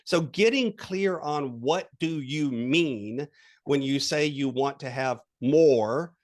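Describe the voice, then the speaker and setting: A man who is a guest coach on a podcast interview. He walks the listener through an exercise with animated storytelling and quoted voices. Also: medium pitch, slow.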